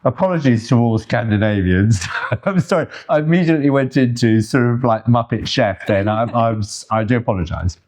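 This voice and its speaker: A man's voice: medium pitch, brisk, darkish tone. An older man, co-host of a home channel, chatting in a rambling, self-deprecating way. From England. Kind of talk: casual chat.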